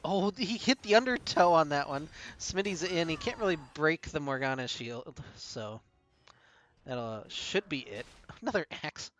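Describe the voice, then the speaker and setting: A man casting a live esports match play-by-play, brisk and chuckling often between calls. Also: a little high, animated, fairly bright tone. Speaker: play-by-play caster.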